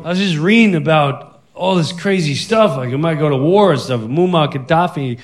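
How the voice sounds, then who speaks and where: A man's voice: a little high, normal speed. A man telling a funny personal story on stage, acting out the dialogue as he goes. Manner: animated, acts out the dialogue. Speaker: stand-up comedian. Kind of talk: comic storytelling.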